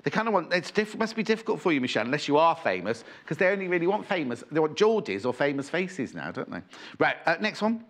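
Chatty, lively man presenting on TV. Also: a little high, fast talker. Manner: chatty, rambling, reads out viewer messages. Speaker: shopping channel presenter. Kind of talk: live TV selling chat. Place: TV studio. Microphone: earpiece and presenter mic.

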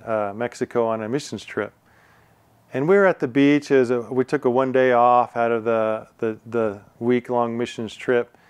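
A man's voice: medium pitch, smooth, no room sound. Male pastor, mid-range voice, earnest and chatty sermon style with rhetorical questions, dry close sound. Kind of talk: conversational sermon.

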